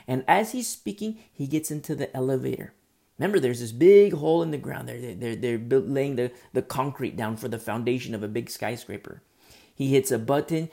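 A man's voice: medium pitch, lively intonation, brisk, gravelly, dark tone. A male preacher delivering a sermon with earnest storytelling, often restarting his phrases.

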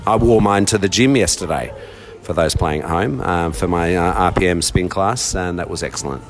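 Rambling low-voiced Australian man. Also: moderate pace. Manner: rambling, chatty, self-deprecating. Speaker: podcast roving reporter. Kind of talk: casual field report. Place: outdoors then a cafe.

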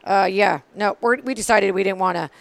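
A woman hosting a casual interview, encouraging her guest with quick interjections. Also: mid-range voice, creaky, dry recording. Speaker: interview host.

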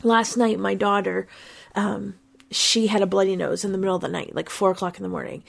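A woman's voice: mid-range voice, fairly even intonation, a little fast, creaky. A woman hosting a Christian talk, giving an earnest, conversational reflection on a psalm, with small repeats as she thinks aloud. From Pennsylvania, USA. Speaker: Christian podcast host. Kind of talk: devotional Bible reflection.

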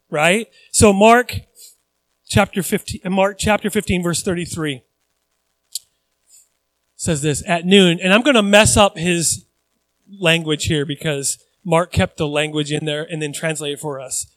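A man preaching a sermon in a lively, conversational way, acting out quotes as he goes. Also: high-pitched, moderate pace, no room sound, poor audio. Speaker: pastor.

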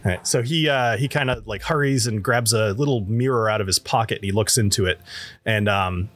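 A man's voice: lowish voice, fairly quick, fairly bright tone, dry recording. A man narrating as game master in a casual, laughing way, with lots of fillers, on a home microphone.

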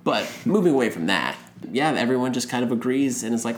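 A man's voice: medium pitch, lively intonation, fast talker, few pauses. A man casually recapping a movie in a rambling way, acting out the characters' lines as he goes. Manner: rambling, retells scenes with acted quotes. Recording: roomy room with faint noise.

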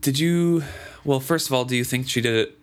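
A man's voice: medium pitch, a little fast. A man co-hosting a podcast, talking casually through a book with plenty of restarts and fillers. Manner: rambling, frequent restarts and fillers. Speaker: podcast co-host.

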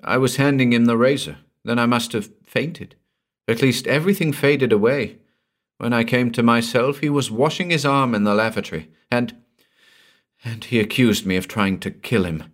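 A man's voice: medium pitch, moderate pace, voice pushed up, lightly acted. A man voicing a frightened young wife. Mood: anxious. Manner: strained, anxious pleading. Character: young frightened married woman.

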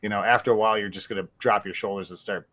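Animated man in casual sports talk. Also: lowish voice, very fast. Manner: animated, restarts and repeats words. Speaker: podcast co-host.

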